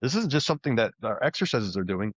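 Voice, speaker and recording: Male podcast guest, mid pitch, eager storyteller who keeps restarting sentences, dry close sound, a bit dull. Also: fast talker, husky, no room sound. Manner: animated, frequent restarts and fillers. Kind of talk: conversational storytelling. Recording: dull, slightly muffled podcast audio.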